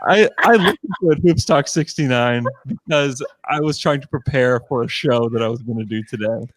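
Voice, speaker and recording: A young man on a sports podcast, ranting defensively and talking with animation. His pitch is ordinary for a man. The recording is close and dry. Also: moderate pace, fairly bright tone, no room sound. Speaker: podcast co-host. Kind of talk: casual chat.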